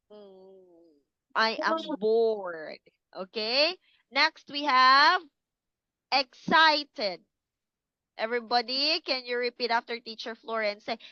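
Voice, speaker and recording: A woman teaching English to young children, speaking slowly and clearly and encouraging them to repeat words. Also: high-pitched, pushed and bright, no echo, muffled recording. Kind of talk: online class for kids.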